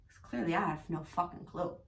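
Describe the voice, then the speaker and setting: A woman's voice: on the low side, a little fast, vocal fry, roomy sound, far from the mic. A woman with an exaggerated Long Island accent, telling a comic story in a profane, exasperated, goofy way. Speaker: comedian. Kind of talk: comedic storytelling monologue.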